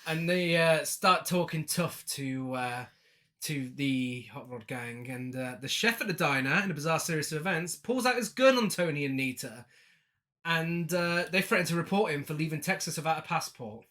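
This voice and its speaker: A man's voice: fairly high pitch, moderate pace, a bit bright. A man co-hosting a podcast, chatting casually and bluntly about an old film, swearing freely. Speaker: podcast co-host. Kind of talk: casual film-review chat.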